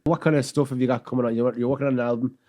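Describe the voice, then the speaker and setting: A man's voice: medium pitch, steady tone, darkish tone. A man hosting a podcast in casual chat, joking and chiming in with his guest. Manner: jokey, quick to laugh along and chime in. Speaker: podcast host.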